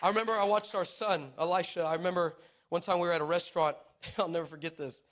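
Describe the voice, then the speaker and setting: Brief: high-pitched male pastor, animated storytelling sermon. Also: quick pace. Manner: animated storyteller, laughing, acting out quotes.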